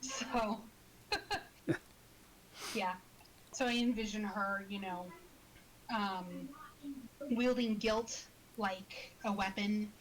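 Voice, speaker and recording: A woman in casual conversation, talking fast and eagerly, with frequent restarts and laughter. Her voice sits at an ordinary middle pitch for a woman. A faint hiss runs under the recording. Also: rough recording. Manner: chatty, laughs often, many restarts. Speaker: podcast co-host. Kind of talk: casual chat about a tabletop character.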